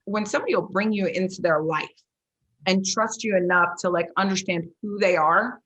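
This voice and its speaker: A woman hosting a sports podcast, telling stories in a lively, chatty way with plenty of "like" and "you know". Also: medium pitch, moderate pace, dull audio. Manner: lively storyteller, many "like" and "you know" fillers. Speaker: podcast host and former football coach. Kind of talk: casual interview chat.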